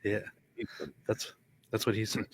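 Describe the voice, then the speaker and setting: A man hosting a live stream in casual chat, greeting viewers and reading their comments in a relaxed way. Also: unhurried, no echo.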